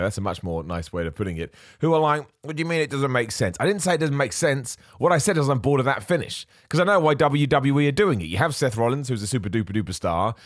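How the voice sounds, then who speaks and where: A man's voice: mid-range voice, no echo, clean studio sound. A man hosting a podcast, chatting casually and animatedly, often correcting himself mid-sentence. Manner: animated, self-correcting, mocks other voices. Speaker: podcast host. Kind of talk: casual wrestling opinion chat.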